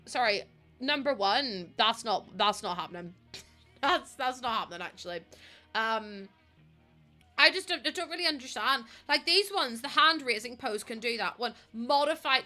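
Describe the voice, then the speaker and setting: Bright-voiced British woman chatting on stream. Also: on the high side, normal speed, soft background music. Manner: chatty, laughs often, swears casually. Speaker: livestreamer. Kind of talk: casual stream chat.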